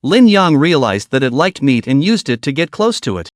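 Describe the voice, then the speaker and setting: Dry, higher-pitched male narrator. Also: very animated, moderate pace, no echo. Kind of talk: scripted story recap narration.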